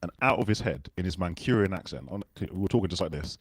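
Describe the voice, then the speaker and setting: A man's voice: sits low, expressive, fast, background noise. A British man hosting a casual livestream chat, rambling and self-deprecating as he talks. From Britain. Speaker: livestream host.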